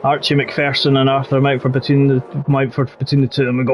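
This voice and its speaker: A man with a strikingly high voice commentates a sim racing league live, rambling and chatty one moment, calling the action at full tilt the next. A faint hum of background noise sits under his voice. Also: a little fast, few pauses. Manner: chatty, rises to excited shouting at race action. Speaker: lead race commentator.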